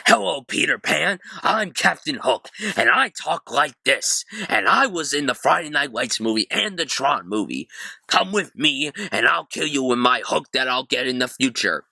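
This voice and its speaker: A man's voice: medium pitch, lively intonation, moderate pace, vocal fry, bright, forceful tone, no echo, exaggerated voice. A man mimicking a swaggering male pirate captain from a film, talking through clenched teeth. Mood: mocking. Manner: mocking impression, words pushed through clenched teeth.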